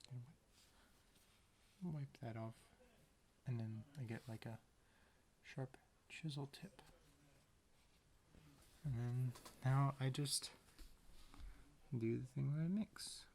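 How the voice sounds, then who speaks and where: A man's voice: mid-range voice, takes it slowly, pauses often, a little mellow, a little hiss or hum. A man casually narrating as he paints a tiny picture, rambling to himself with playful sound words. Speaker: painter and video maker.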